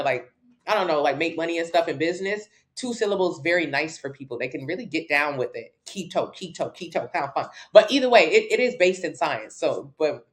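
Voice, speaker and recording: A woman fitness coach, answering viewers' questions on a casual livestream in a blunt, brash, jokey way. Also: sits low.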